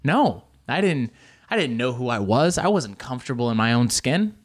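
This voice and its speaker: A young man talks casually to the camera at normal speed in a mid-range voice. He's animated and jokey, poking fun at how much he gestures with his hands.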